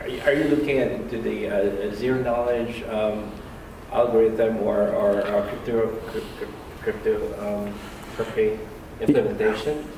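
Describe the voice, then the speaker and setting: A man's voice: lowish voice, fairly even intonation. Hesitant man asking from a far audience. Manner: hesitant, halting question. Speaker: audience member asking a question. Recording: distant roomy audience mic with noise.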